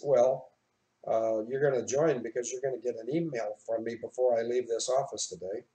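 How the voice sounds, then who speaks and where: A man's voice: mid-range voice, steady tone, normal speed, mellow. A man hosting an online show from his office, talking in a rambling, heartfelt way and spelling out names as he goes. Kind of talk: rambling live-stream chat.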